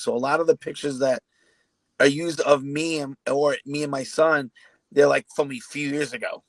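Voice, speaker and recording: A man's voice: a little high, fairly even intonation, normal speed, no echo, poor audio. A man with a New York accent, an army recruiter telling rambling anecdotes in a casual interview over a video call.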